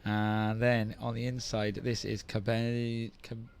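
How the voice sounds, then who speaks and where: A man's voice: fairly low pitch, completely flat delivery, slow, clear, resonant tone. Chatty male surf commentator. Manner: chatty, teasing banter between play-by-play calls. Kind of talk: live sports commentary.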